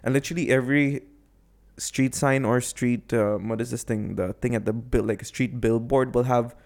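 A man's voice: medium pitch, normal speed, vocal fry. Chatty man telling a story. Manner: animated storyteller, acts out other voices. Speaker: podcast co-host. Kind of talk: casual storytelling chat.

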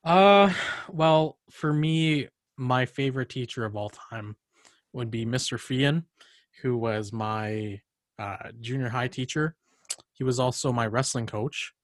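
A man's voice: mid-range voice, slow pace, no room sound, studio quality. A young man hosting a casual podcast chat, telling rambling stories full of fillers and laughs. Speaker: podcast host.

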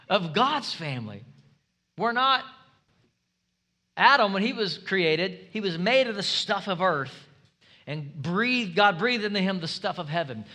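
A man preaching a sermon as pastor, energetic and humorous, building up to shouts. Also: high voice.

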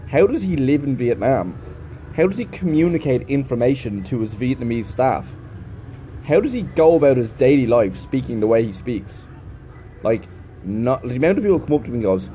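A man's voice: mid-range voice, lively intonation, moderate pace, dark tone, slight background noise. Rambling, swearing man. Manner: rambling, chatty, swears freely. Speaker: English teacher. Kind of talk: casual vlog monologue.

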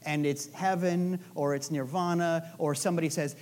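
A woman's voice: fairly low pitch, brisk, few pauses, darkish tone. A woman preaching a sermon in a casual, playful storytelling way, with chatty asides to the listeners. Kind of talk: conversational sermon.

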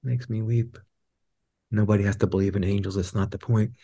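A man speaking as a guest teacher in a reflective podcast conversation, an animated storyteller who acts out quotes in a raised voice. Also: fairly low pitch, brisk, gravelly, husky.

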